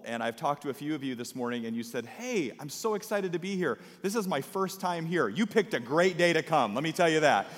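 A man who is a pastor, addressing his congregation in a sermon with a welcoming, conversational manner. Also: mid-range voice. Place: church sanctuary. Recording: long hall reverb.

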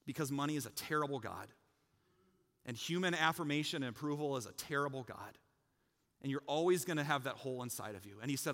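A man preaching a sermon as pastor, talking casually with the congregation, joking and rising to loud, emphatic peaks. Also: fairly high pitch, animated, fast talker, big-room sound. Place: church sanctuary.

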